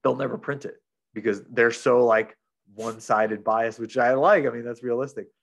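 A man's voice: medium pitch, steady tone, normal speed, gravelly. A man retelling a book plot in casual chat as a podcast reviewer, rambling with lots of fillers.

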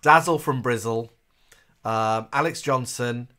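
A man co-hosting a relaxed livestream, reading out viewer names one after another. He has a casual, camp delivery and greets each viewer fondly. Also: mid-range voice, a little slow. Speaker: co-host of a livestream.

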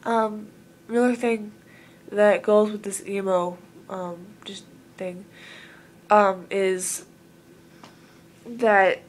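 A woman's voice: medium pitch, steady tone, drawn-out words, pauses often, slight background noise. Earnest rambling woman from Southern Oregon. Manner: earnest, rambling, many filler words. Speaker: vlogger. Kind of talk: casual talk to camera.

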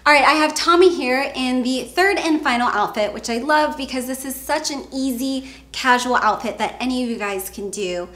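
A woman's voice: high-pitched, moderate pace, few pauses, a bit bright, faint music behind. A woman presenting men's outfits in a fashion vlog, upbeat and enthusiastic. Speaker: fashion vlogger.

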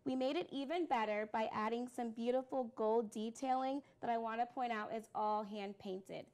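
Bright-pitched enthusiastic woman presenter. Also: normal speed. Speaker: live-stream product host. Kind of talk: casual live product demo.

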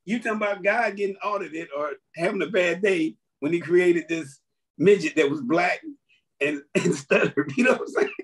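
A man's voice: sits high, normal speed, slightly rough. A man who is a comedian, talking casually and animatedly as a podcast guest, breaking down how his jokes work and laughing through his stories. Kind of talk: casual chat explaining jokes.

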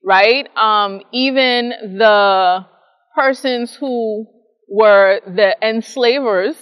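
A woman's voice: on the high side, a bit bright, clean tone. Explanatory woman in a reverberant hall. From Bahamas. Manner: measured, explanatory, ends points with "right?". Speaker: guest, psychologist and professor. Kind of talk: interview answers.

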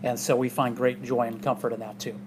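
A man's voice: medium pitch, level tone, fairly quick, slight background noise. A male pastor preaching a casual, conversational sermon in a church, with many asides. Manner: conversational, chatty, with frequent fillers and asides. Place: church sanctuary.

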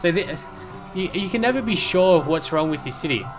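A man's voice: on the high side, animated, a little fast. Chatty man commentating gameplay over music. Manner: chatty, rambling, with many fillers and restarts. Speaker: let's play commentator.

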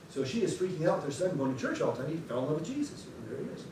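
A man's voice: on the high side, racing, few pauses, background noise. Chatty male pastor in echoey sanctuary. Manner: chatty, animated storytelling. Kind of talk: church announcements before a sermon. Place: church sanctuary. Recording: echoey sanctuary, distant mic.

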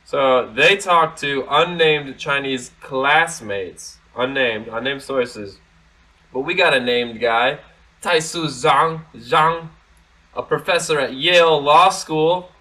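Bright-voiced sarcastic man ranting. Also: medium pitch, poor audio. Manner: blunt, sarcastic and profane, with frequent restarts. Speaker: commentary vlog host. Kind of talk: casual commentary reading news articles.

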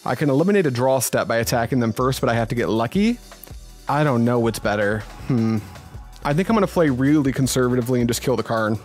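A man's voice: mid-range voice, expressive, fast talker, darkish tone, faint music behind. Man thinking aloud over a card game. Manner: thinks aloud, talks to opponent, swears when annoyed. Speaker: card game video commentator. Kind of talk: casual live gameplay commentary.

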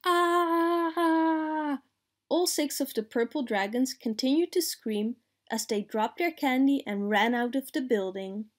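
A woman reading a children's picture book aloud in a slow, clear, expressive way. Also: fairly high pitch. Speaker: storyteller.

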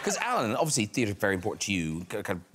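Teasing talk show host, wildly varied pitch. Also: male voice, wildly swooping pitch. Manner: teasing, quick questions. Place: TV studio. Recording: loud background noise.

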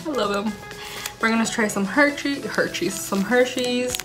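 Young woman, bubbly and gushing, casual home vlog, clear music playing behind. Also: a little high, moderate pace. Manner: bubbly, gushing, mixes in Spanish words while eating. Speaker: vlogger. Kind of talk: casual chatty food-tasting vlog. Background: background music.

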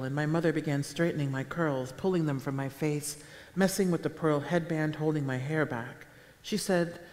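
Woman giving a deadpan reading in a hall. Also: low voice. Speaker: author reading her own fiction. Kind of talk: live public reading. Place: town hall auditorium with a live audience. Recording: echoey live hall sound.

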